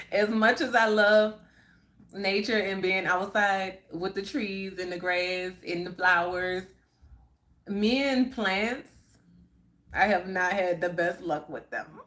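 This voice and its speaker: A woman's voice: mid-range voice, fairly bright tone. A middle-aged woman hosting a live stream, chatting casually and reading viewer comments aloud, laughing often. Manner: chatty, laughs often, drawn-out unhurried delivery. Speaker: livestream host.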